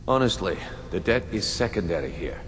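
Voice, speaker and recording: Smooth-talking thieves' guild boss. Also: male voice, sits low, very animated, fairly quick. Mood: scheming. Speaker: game character. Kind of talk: video game voice acting. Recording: game audio with long reverb and faint hiss.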